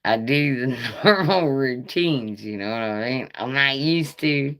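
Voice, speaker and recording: Raspy-voiced woman chatting slowly. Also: very deep voice, a bit bright. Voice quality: raspy, smoker-like voice. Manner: nervous, rambling, profane. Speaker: live streamer. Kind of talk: casual live-stream chat.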